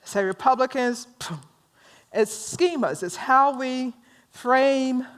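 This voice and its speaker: A woman's voice: mid-range voice, clean tone. A woman minister from rural North Carolina with a Southern drawl, teaching a workshop in a conversational way and teasing her audience with questions.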